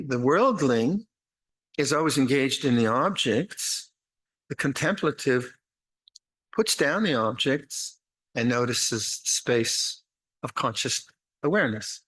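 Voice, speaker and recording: An older man giving a dharma talk at a meditation retreat, speaking slowly and haltingly, with many restarts and a gentle, wry humor. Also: mid-range voice, rough recording. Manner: slow, halting, many repeated words and restarts; gentle, wry, laughs at his own jokes. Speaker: meditation teacher.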